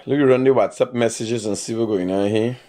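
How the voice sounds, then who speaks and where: A man's voice: mid-range voice, fairly quick. A man with a Guyanese Creole accent hosting a live stream, ranting and laughing in loose, rambling commentary. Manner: animated, ranting, bursts of laughter. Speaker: livestream host.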